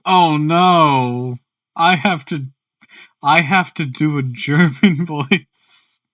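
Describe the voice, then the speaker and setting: A man's voice: a little high, extremely slow, a bit bright, no room sound, recorded from a distance, dull audio. A man reading a classic story aloud on stream, breaking off for casual, chatty asides and joking about his own misreadings.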